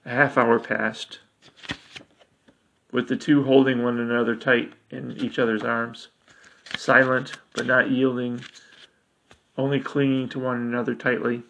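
A man narrates a dark story with a bright, forceful voice. He reads in a steady, measured way, line by line. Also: medium pitch, gravelly, a little hiss or hum. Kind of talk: dramatic story reading.

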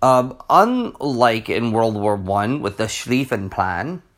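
A man hosting a casual history podcast, talking in a rambling, halting way with restarts and throat-clearing. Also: mid-range voice, big pitch swings, fairly bright tone. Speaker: podcast host.

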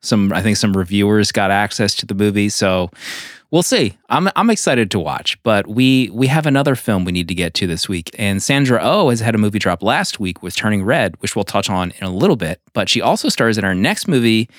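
A podcast co-host talking about movies in casual, lively chat. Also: low voice, a little fast, dry recording, clean studio sound.

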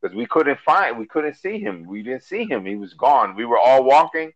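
A Miami-accented man co-hosts a casual podcast, telling stories in a loose, profane, animated rush of fillers and restarts. His voice sits in an ordinary male middle register. It is recorded on a close, dry mic with little room sound. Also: mid-range voice, normal speed, dry recording, muffled recording. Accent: Miami English. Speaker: podcast co-host.

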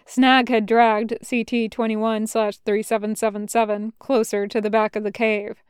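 A woman reading a fan fiction story aloud as a podfic, in a measured, unhurried narration. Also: fairly high pitch, little pitch movement, clean tone, dry recording, clean studio sound. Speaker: podfic reader.

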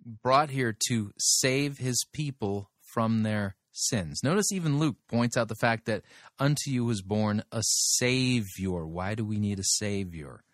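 A man's voice: fairly low pitch, a little slow, no echo, clean studio sound. A man commenting on a sermon in a blunt, skeptical way. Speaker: sermon reviewer. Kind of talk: critical commentary.

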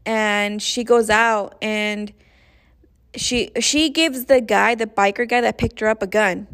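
A young woman gives a casual plot recap of a show, rambling and profane, full of slang and fillers. Her medium-pitched voice is steady, slow, fairly bright, clear and resonant.

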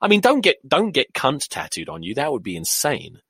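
A man's voice: mid-range voice, huge pitch swings, fairly quick, a bit bright, husky, no room sound. A middle-aged English man with a drifted accent, hosting a solo podcast, rambling and swearing while feeling queasy. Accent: English, drifted toward American. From England. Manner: sweary, rambling, self-mocking. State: nauseous, queasy. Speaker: podcast host.

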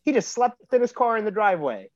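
A man in casual podcast chat, telling relaxed stories with lots of fillers as a guest. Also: high-pitched, quick pace, no room sound, dull audio. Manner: relaxed, laid-back storytelling with lots of fillers. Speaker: podcast guest, pro wrestler.

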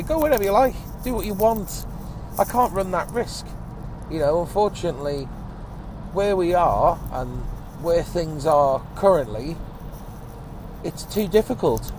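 A man hosting a one-take podcast from his car, rambling and grumbling with casual swearing and a phlegmy cough. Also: on the high side. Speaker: podcast host. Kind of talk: rambling one-take chat while driving. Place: inside a car in traffic. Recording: car and road noise behind.

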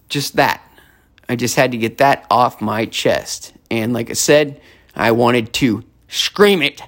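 A man in his thirties hosting a solo podcast from his apartment, cursing constantly and switching between furious shouting and low, weary talk. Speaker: podcast host.

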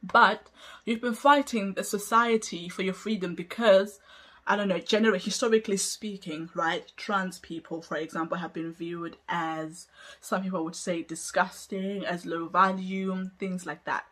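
A woman's voice: lowish voice, fairly even intonation, measured pace, fairly bright tone. A woman hosting a solo podcast, making an emphatic, argumentative case with many rhetorical questions and laughing between points. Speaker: podcast host.

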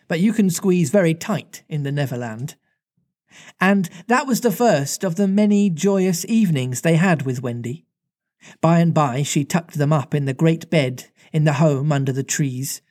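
Lively man reading a storybook aloud. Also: on the high side, moderate pace. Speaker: reader and co-host. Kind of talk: storybook reading with casual chat.

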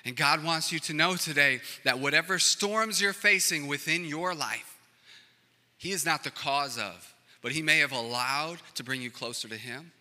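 Bright-voiced male pastor preaching in a hall. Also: fairly high pitch, moderate pace. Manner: swings from loud, rising preaching to hushed near-whispers. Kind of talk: sermon. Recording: reverberant hall with music behind.

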